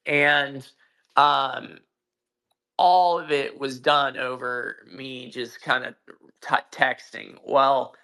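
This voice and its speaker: A man's voice: medium pitch, fairly even intonation, very slow, creaky, sharp tone, clean tone. A man telling a personal story in casual chat on an audio call, profane and emphatic, with frequent restarts. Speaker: guest. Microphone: own mic on a social audio call.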